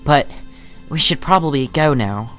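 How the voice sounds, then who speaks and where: A man's voice: on the high side, animated, unhurried, a bit bright, soft background music, pitched above the performer's own voice. A man voicing a bubbly, carefree young girl in a video game who talks in a bouncy, cheerful way. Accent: slipping into an accent.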